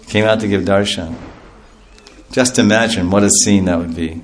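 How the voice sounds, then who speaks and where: A man telling a devotional story to an audience in a lively, animated way, laughing often and breaking into loud chanted calls. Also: on the low side, moderate pace, a little hiss or hum. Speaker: storytelling speaker at a devotional class.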